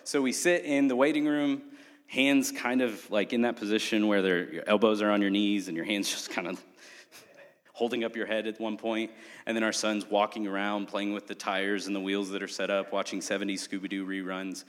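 A young man telling a humorous, animated story in a sermon. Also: lowish voice, normal speed. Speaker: preacher. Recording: long hall reverb.

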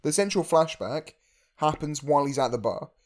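A man's voice: a little high, lively intonation, normal speed. A man co-hosting a casual film chat, thinking aloud and often repeating words as he goes. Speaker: podcast co-host.

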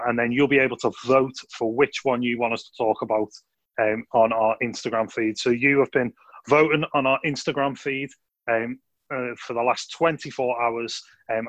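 A man's voice: medium pitch, a bit bright, no room sound. A man with a Scouse accent hosting a youth podcast in a friendly, upbeat way, with many fillers. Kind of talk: casual podcast chat.

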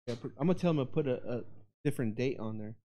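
A man's voice: mid-range voice, animated, racing, warm tone. A man co-hosting a podcast, bantering casually and joking with lots of swearing. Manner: profane, joking. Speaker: podcast co-host.

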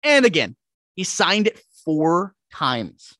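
A man telling animated, profanity-laced stories as a podcast guest in casual chat. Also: sits high, slow pace, dry recording, studio quality. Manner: profane, animated, acts out quotes.

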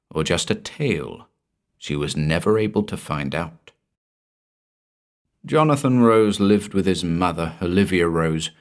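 Deep-voiced man narrating a spooky tale. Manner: measured, dropping low and soft at ominous lines. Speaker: story narrator.

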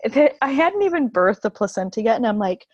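A woman in her thirties telling the story of giving birth in a casual chat, animated and emotional, laughing often and near tears. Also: brisk, no room sound, lo-fi sound. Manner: animated, laughs often, acts out quotes in a high voice.

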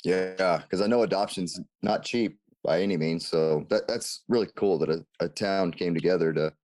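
A man's voice: deep voice, normal speed, darkish tone. A man hosting a casual interview, asking follow-up questions and laughing along with his guest. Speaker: interviewer host.

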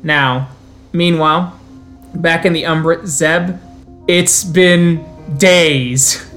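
Guy storytelling a tabletop game, gets slow and spooky for the creepy bits. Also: a little high, steady tone, fairly bright tone, faint music behind.

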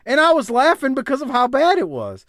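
A man's voice: very high voice, huge pitch swings, a little fast, a bit bright, no echo, clean studio sound. A man co-hosting a casual podcast, laughing and rambling. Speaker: podcast co-host. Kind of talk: casual chat.

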